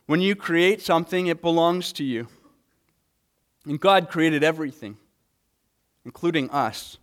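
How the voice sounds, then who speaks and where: A man's voice: on the high side, measured pace, long pauses. Earnest man preaching a sermon. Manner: earnest, repeats words when stressing a point. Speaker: pastor.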